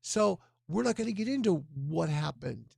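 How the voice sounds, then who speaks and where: A man's voice: high voice, lively intonation, moderate pace, creaky, darkish tone, slightly rough, no room sound, studio quality. A man hosting a charity livestream, talking in a rambling, earnest way as he urges viewers to donate. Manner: rambling, earnest, talks with his hands. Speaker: fundraiser livestream host. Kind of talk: casual livestream appeal.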